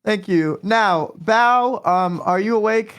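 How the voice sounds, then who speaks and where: A man's voice: high-pitched, slow, a bit bright, clean tone. A man playing the judge in a comedic mock trial, running things casually with hesitations and crude outbursts. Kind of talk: comedic role-play stream.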